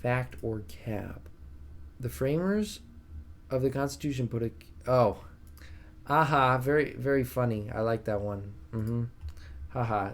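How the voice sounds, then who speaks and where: A man's voice: mid-range voice, expressive, moderate pace. A young man casually commenting on his strategy game live stream, joking with his chat. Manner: chatty, jokey, talks to chat.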